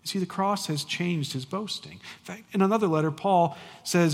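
A man in his forties preaching a sermon as pastor, emphatic and animated with casual conversational asides. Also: sits high, normal speed, creaky, few pauses, long reverb tail.

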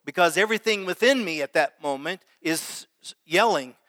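Bright-voiced preaching pastor, man. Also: a little high, lively intonation, normal speed, no room sound, long reverb tail. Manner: preaches with prayer and call-and-response to the congregation. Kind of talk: sermon.

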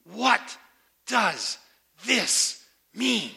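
A man preaching a sermon, emphatic and repeating key words with slow, deliberate stress. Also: high voice, very animated, gravelly, sharp tone, husky. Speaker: pastor.

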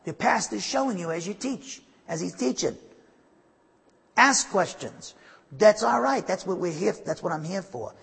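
Emphatic preaching man, husky voice. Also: high voice, animated, unhurried, fairly bright tone, long reverb tail. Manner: emphatic preaching with asides and restarts. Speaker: pastor. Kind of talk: sermon.

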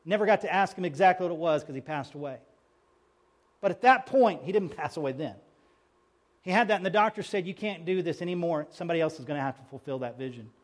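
A middle-aged man preaching a sermon as pastor, emphatic, moving between hushed lines and loud ones. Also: sits high.

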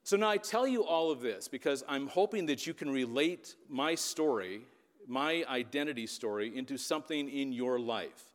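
A man's voice: medium pitch, lively intonation, normal speed. Man preaching in a reverberant hall. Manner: conversational, checks in with listeners. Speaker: preacher and youth leader. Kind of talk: storytelling sermon. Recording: long reverb of a large hall.

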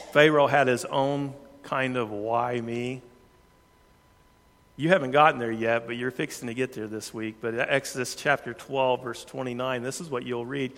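A man preaching a sermon, earnest, shifting his pace and loudness for emphasis. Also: medium pitch. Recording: long hall reverb.

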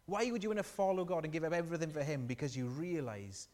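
A man's voice: a little high, quick pace. Man preaching in a reverberant hall. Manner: animated storytelling with questions to the congregation. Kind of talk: sermon.

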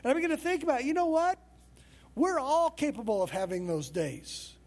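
A man's voice: very high-pitched, lively intonation, brisk. A male pastor preaching a sermon in a conversational, storytelling way.

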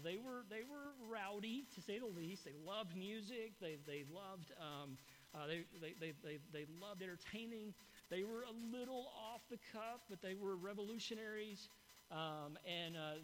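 A man's voice: high-pitched, fairly bright tone. A man preaching a sermon, telling folksy stories and talking straight to the congregation. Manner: folksy storytelling, addresses the congregation. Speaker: pastor.

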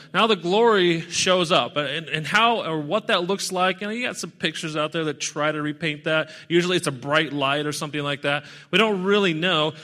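A man delivers a sermon in a relaxed, conversational way, retelling scripture with animated asides and restarts. His voice sits a little high and rings bright and forceful. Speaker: pastor.

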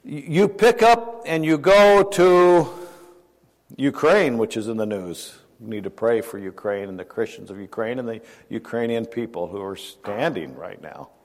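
Long hall reverb surrounds an older man who preaches in a conversational style at a measured pace. His voice sits at medium pitch, and he often chuckles and asks his listeners questions.

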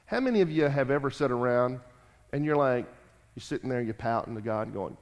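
A man preaching a sermon, emphatic and repetitive, rising loud and dropping quiet. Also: medium pitch, big pitch swings, fairly quick. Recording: long hall reverb.

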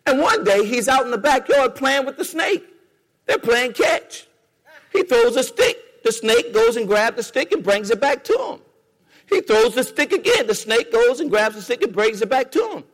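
A man's voice: very high voice, big pitch swings, moderate pace, a bit bright, big-room sound. A man preaching a sermon in a church, rhythmic and repetitive, calling on the congregation to respond. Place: church sanctuary.

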